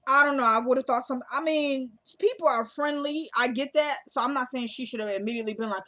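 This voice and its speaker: A woman's voice: sits high, a little fast, hardly any pauses, bright, forceful tone. A young woman casually retelling a TV episode, acting out the characters' lines in a chatty way. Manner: chatty retelling with quoted dialogue. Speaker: recap host.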